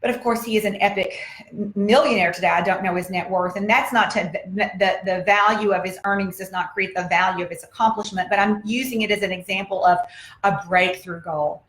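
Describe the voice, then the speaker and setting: A woman's voice: mid-range voice, steady tone, a little fast, a bit bright. A woman giving a motivational talk, speaking emphatically and often repeating her points to drive them home. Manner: emphatic, repetitive, exhortative. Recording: roomy echo.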